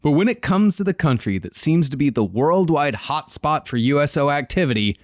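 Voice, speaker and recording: A man's voice: a little high, big pitch swings, moderate pace, dry recording, clean studio sound. A man co-hosting a podcast, reading research notes in a casual, sarcastic way and swearing freely. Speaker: podcast co-host.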